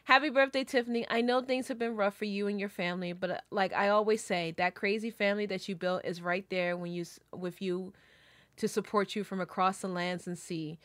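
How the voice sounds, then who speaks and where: A woman's voice: mid-range voice, steady tone, fairly quick, dry recording. Emotional woman reading birthday messages. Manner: emotional, tearful, laughing between lines. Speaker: VTuber streamer.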